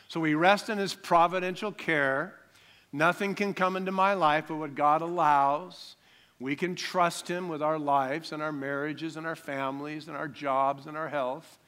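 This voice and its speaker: A man's voice: on the high side, fairly bright tone. A man preaching a sermon, emphatic, repeating key lines and calling for audience responses. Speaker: pastor.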